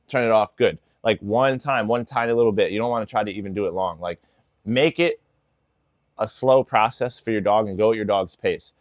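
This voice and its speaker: A man's voice: medium pitch, dry recording. A man working as a dog trainer, giving casual instructional tips with lots of "like" and "you know".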